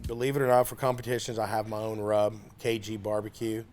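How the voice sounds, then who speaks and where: A man who is a competition pitmaster, telling anecdotes at a relaxed pace in a casual interview, often pausing on "uh". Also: fairly low pitch, loud music behind the voice.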